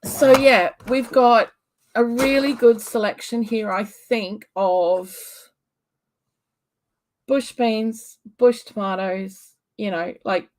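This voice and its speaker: A woman hosting a casual livestream, chatting with viewers and answering their comments in a relaxed, rambling way with frequent ums. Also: fairly high pitch. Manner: unhurried with frequent ums and small laughs. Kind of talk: casual live-stream chat.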